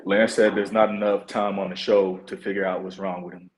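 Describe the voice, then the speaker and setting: A man's voice: sits low, level tone, brisk, slight background noise, low-quality recording. A man hosting a casual comedy podcast, moving through segments with a drawl while trying not to laugh. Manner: drawling, holding back laughter. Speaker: podcast host.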